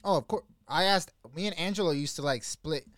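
This is a man co-hosting a casual podcast, with a high, clear voice recorded close and dry. He tells stories with lots of energy and acts out other people's rants as he goes. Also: a little fast, no echo. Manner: animated storyteller, acts out others' outbursts loudly. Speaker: podcast co-host. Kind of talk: casual chat. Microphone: studio mic.

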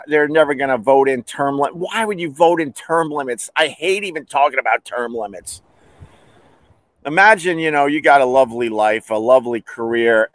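A man hosting a casual comedic monologue, talking animatedly and breaking into shouted bits. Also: mid-range voice, no room sound. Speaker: host.

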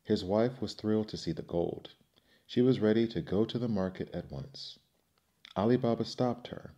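A man narrating storybook fairy tales in a steady scripted reading. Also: fairly low pitch, moderate pace. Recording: dull lo-fi recording.

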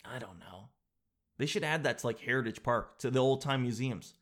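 A man's voice: mid-range voice, normal speed, a bit bright. Man, show host, casual rambling monologue, jokey, self-mocking. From Canada.

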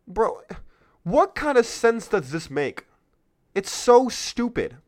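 A man's voice: very high voice, very animated, slow. A man hosting a political commentary podcast, talking in a heated, sarcastic rant. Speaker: podcast host.

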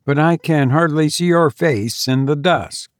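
A man's voice: on the high side, unhurried, dry recording, studio quality, pitched above the performer's own voice, close to an everyday voice. A man voicing a nervous, polite young male traveller with a sword, speaking in old-fashioned phrases. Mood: uneasy. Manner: polite archaic phrasing, a little raised.

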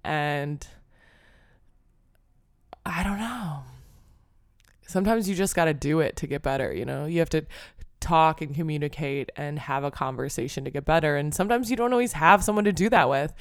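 A young adult woman hosts her own podcast solo, her low voice at normal speed as she rambles in a self-deprecating way, saying "like" constantly and cursing casually. It's a studio-quality recording with no echo.

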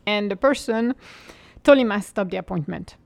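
A woman giving a calm, reflective spiritual monologue, unhurried and sometimes dropping into a soft whisper, with light laughs as she tells stories. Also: medium pitch, vocal fry, no room sound. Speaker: mindfulness speaker.

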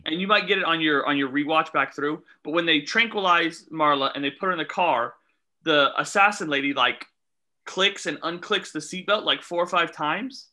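A man co-hosting a casual movie review podcast, animated and incredulous as he questions plot points. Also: a little high, normal speed. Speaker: podcast co-host.

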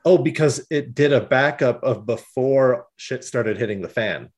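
A man co-hosting a podcast, talking in animated casual chat, often laughing and swearing casually. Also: mid-range voice, a little slow. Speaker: podcast co-host.

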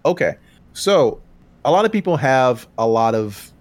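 A man co-hosting a podcast, talking about video games in a casual, animated way, laughing often and breaking into loud outbursts when he quotes himself. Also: mid-range voice, measured pace. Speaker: podcast co-host. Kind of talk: casual game talk.

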